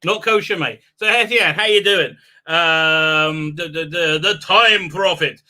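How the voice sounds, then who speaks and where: A man hosting a casual livestream, chatting with viewers in a rambling, excitable way and laughing often. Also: a little high, slow pace. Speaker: livestream host; rabbi. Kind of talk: casual live-stream chat reading viewer comments.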